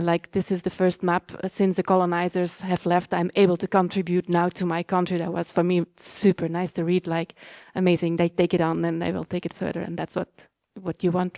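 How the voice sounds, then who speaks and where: A woman on a conference panel, speaking haltingly and searching for words. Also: on the low side, dark tone, dry recording, clean studio sound.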